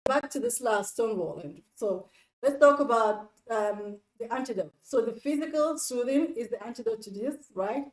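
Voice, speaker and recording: A woman's voice: a little high, roomy sound, poor audio. A woman hosting a relationship advice talk, speaking earnestly and directly to the viewer, often repeating herself for emphasis.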